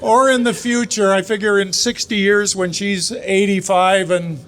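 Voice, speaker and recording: A middle-aged father of the bride with a notably high voice gives a toast at a wedding reception. He jokes and stumbles along with frequent "uh"s, speaking into a handheld microphone. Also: fairly even intonation, fairly bright tone. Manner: joking, halting with many "uh"s.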